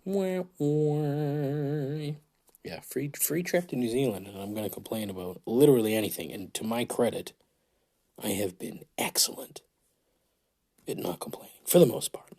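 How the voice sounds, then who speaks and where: A man's voice: on the low side, expressive, normal speed, gravelly, a little mellow, husky. A man hosting a casual solo podcast, rambling and swearing with self-mocking humor, his throat dry, recorded on a phone in a large hotel room. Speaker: podcast host.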